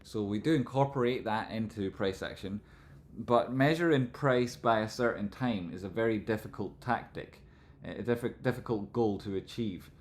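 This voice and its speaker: A man with a Scottish accent hosting a live stream, explaining stock chart analysis in a relaxed, rambling way. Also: fairly low pitch, moderate pace, a little hiss or hum. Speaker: livestream host, trading analyst.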